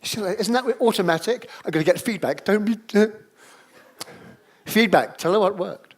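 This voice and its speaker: A man with a high voice, speaking at normal speed, leads an improvisation exercise before a live audience in a seminar room. As workshop leader he is energetic and coaxing, calling out to the people watching.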